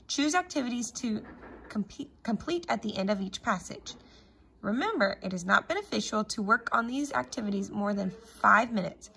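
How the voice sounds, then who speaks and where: A woman teacher at home in her living room, explaining a reading activity to parents and reading short texts aloud very slowly and clearly. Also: mid-range voice, bright, forceful tone. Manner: reads story text very slowly and clearly, sounding out words.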